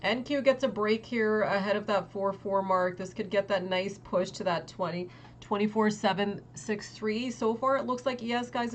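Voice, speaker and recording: A young woman hosting a trading livestream, talking casually and quickly to her chat with lots of "like" and exasperated asides. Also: mid-range voice, slight background noise. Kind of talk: casual market commentary to chat.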